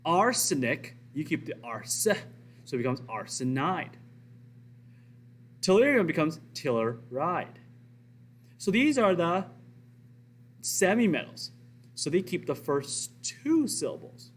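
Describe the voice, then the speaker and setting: A man's voice: on the high side, sing-song, slow pace, pauses often, a little hiss or hum. A man teaching a recorded science lesson, explaining step by step and asking and answering his own questions.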